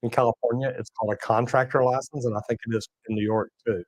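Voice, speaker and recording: A middle-aged man talks in a relaxed, folksy drawl, tossing in y'all and man as he chats on a livestream. His voice sits in an ordinary middle register and sounds close and dry, with no room around it. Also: medium pitch, fast, dry recording, rough recording. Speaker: plumbing channel host reading live chat. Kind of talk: casual livestream chat.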